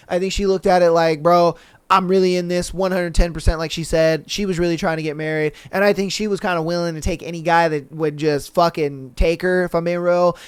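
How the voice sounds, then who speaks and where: A man's voice: sits high, smooth, dry recording. A man hosting a podcast, giving a casual, profane, slang-heavy recap and mimicking the people he talks about. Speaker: podcast host.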